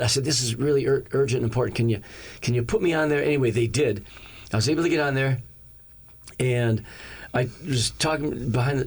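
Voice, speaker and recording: A man preaching as a pastor, telling a personal story in a lively way and acting out the lines of each person in it. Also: medium pitch. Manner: animated, acts out each character's lines in the story. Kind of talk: storytelling sermon.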